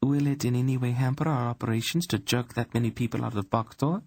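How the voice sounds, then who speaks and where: A man voicing a soft-spoken young queen who asks gentle, thoughtful questions. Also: medium pitch, fast, dry recording, pitched above the performer's own voice, lightly acted. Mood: concerned.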